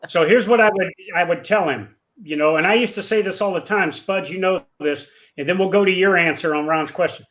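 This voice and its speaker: High-voiced man briefing in measured tones. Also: a bit bright, a little hiss or hum, low-quality recording. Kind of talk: casual chat.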